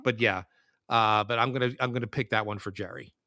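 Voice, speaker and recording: A man's voice: lowish voice, a little fast, sharp tone, no echo, clean studio sound. A man co-hosting a casual podcast chat, rambling and hesitant with many fillers. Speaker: podcast co-host.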